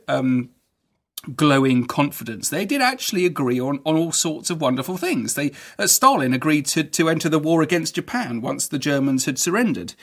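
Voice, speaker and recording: A man hosting a history podcast, explaining events in an enthusiastic, conversational way with frequent halting restarts. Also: fairly high pitch, fairly bright tone. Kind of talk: educational podcast narration.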